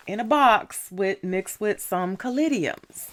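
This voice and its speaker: A woman's voice: lively intonation, measured pace, a bit bright, smooth. A woman telling a story casually in a vlog, chatty, with lots of "you know" and "right?". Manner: acts out dialogue with raised pitch when riled up. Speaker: vlogger.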